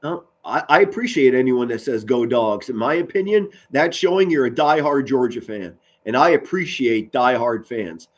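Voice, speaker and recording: A man, doing loud live football play-by-play and chatting with viewers. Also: mid-range voice, normal speed, few pauses. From Pennsylvania, US. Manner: loud, excitable, swings from mutters to shouts. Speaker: sports commentary streamer.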